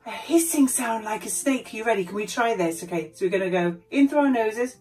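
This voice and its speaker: Lively woman presenting a kids' activity session. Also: a little high, a little fast, few pauses, faint music behind. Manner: warm, lively, addresses children directly. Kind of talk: friendly children's activity lesson.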